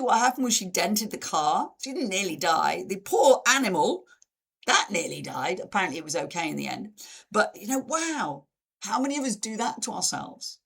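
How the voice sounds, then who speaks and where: Lively woman presenting a webinar. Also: normal speed. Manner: lively, acts out dramatic quotes with big pitch jumps. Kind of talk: live online talk.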